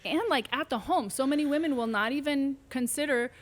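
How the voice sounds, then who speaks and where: Brief: female therapist guest, fairly high voice, lively storyteller who voices her patients. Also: brisk. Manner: animated, acts out quoted voices. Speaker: pelvic physical therapist, guest. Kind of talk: conversational storytelling interview.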